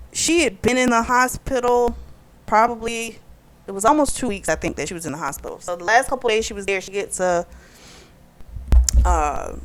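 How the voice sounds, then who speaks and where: A woman recapping a novel's plot in a casual, animated way, full of "like" and "you know". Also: medium pitch. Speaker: book club reviewer.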